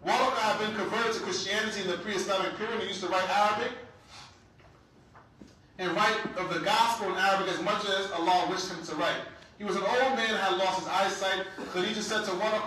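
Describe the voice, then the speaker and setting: A high-pitched man leads a religious class as an imam, speaking casually and checking in with "right?" again and again. His voice is bright and sharp, and it rings through a very echoey room. It is picked up from a mic set well back. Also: a little fast, distant mic, a little hiss or hum. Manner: conversational, keeps checking in with "right?".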